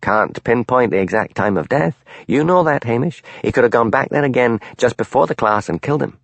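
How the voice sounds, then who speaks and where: A man's voice: medium pitch, expressive, brisk, gravelly, no echo, voice pushed up. A man voicing a blunt, crude, hard-drinking male police detective.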